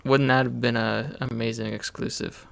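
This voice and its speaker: A man's voice: mid-range voice, little pitch movement, moderate pace, gravelly, fairly bright tone. A man co-hosting a casual video game podcast, talking in a laid-back, wry way with hesitant fillers. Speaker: co-host.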